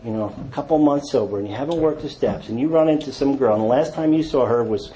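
A man telling his recovery story to an audience, acting out quotes with self-mocking humor and dropping to low, quiet tones in the hard parts. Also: fast, slight background noise, rough recording. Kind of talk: personal testimony talk to an audience.

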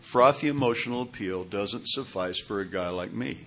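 A man in his sixties gives a personal testimony in a rather low voice. He rambles from one memory to the next and keeps checking in with his listeners as he goes. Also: normal speed, a bit bright. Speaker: recovery meeting speaker.

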